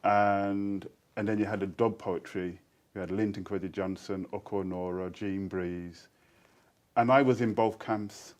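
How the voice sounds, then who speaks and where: A man's voice: lowish voice, measured pace. A man in his sixties from Birmingham, speaking with a Birmingham accent touched by Jamaican speech, telling stories in a casual interview and often laughing. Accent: Birmingham English with Jamaican influence. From Birmingham, England. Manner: animated, laughs often, breaks into quoted voices. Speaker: interview guest, poet.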